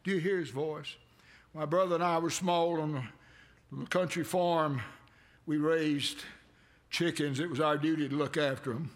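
A man preaching a sermon, with dramatic swells that build to near shouts. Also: steady tone, normal speed. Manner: dramatic preaching with sudden swells in pitch and loudness.

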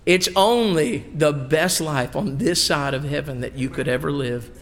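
A man's voice: fairly high pitch, unhurried, long reverb tail. A middle-aged man preaching a sermon in a church, folksy and emphatic, with homey asides. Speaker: pastor. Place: church sanctuary.

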